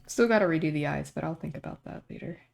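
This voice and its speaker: A woman's voice: low voice, quick pace, vocal fry, a little mellow. A young adult woman streamer chatting casually while she draws, telling a rambling story and laughing often.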